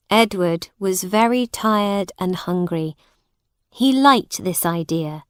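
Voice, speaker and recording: A woman narrating a graded-reader audiobook with a very slow, clear reading. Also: fairly low pitch, no echo, studio quality.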